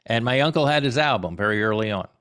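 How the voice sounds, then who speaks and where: A middle-aged man, a comedy historian answering audience questions in an animated, digressive storytelling way. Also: mid-range voice, fast, clear, resonant tone. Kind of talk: conversational Q&A talk.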